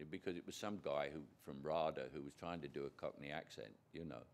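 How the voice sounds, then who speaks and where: A man's voice: very deep voice, a little fast, hardly any pauses. An older man from Britain, a guest actor in an on-stage conversation before an audience, telling rambling anecdotes with chuckles and frequent restarts.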